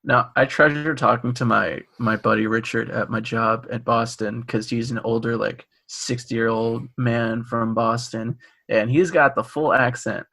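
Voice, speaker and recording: A man's voice: mid-range voice, steady tone, unhurried, vocal fry, pushed and bright. A young man co-hosting a college radio podcast, chatting casually and laughing easily while telling stories. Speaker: podcast co-host. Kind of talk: casual chat.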